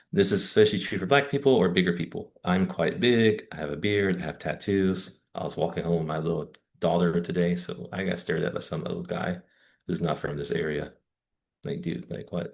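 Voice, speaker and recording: A man's voice: low voice, creaky. A man with an American Southern accent, giving a casual lecture over slides as a teacher trainer, chatty with wry asides. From Southern United States.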